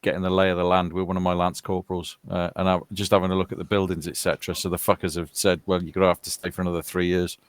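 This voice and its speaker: A British man in his fifties, originally from Wales, talking in a loose, rambling way over voice chat. His voice sits fairly low and sounds dry and close, with no room sound around it. He drifts between stories and asides. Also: little pitch movement, very fast, hardly any pauses, no room sound. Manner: rambling, chatty, laughs while telling stories. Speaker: soldier chatting with gaming friends. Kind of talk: casual voice chat.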